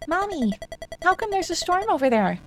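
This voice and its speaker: A woman's voice: extremely high pitch, very animated, normal speed, soft background music, pitched above the performer's own voice, exaggerated voice. A woman voicing a small, frightened child asking timid questions. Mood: scared.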